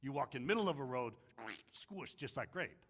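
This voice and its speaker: A man's voice: medium pitch, lively intonation, very fast, big-room sound, voice pushed down, lightly acted. A man imitating an elderly martial arts teacher who speaks in clipped, broken phrases. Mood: wise.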